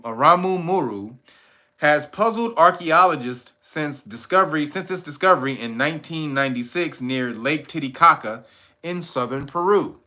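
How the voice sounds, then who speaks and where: A man's voice: on the high side, very animated, moderate pace, bright, forceful tone. A man hosting a casual commentary show, laughing often and riffing loosely while cursing freely. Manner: laughs often, riffs and restarts, curses freely. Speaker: host. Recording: dull lo-fi sound.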